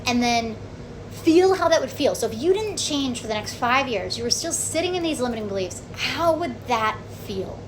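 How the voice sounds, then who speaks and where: Animated woman telling a personal story. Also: fairly high pitch, normal speed, noisy background. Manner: animated, acts out quotes, frequent "okay?" and "like". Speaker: vlogger.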